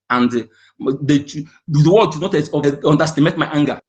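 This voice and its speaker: A man's voice: a little high, normal speed, a little mellow, lo-fi sound. Man, impassioned caller, repeats points with a raised voice. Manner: heated, repetitive, insistent. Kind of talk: impassioned call-in speech.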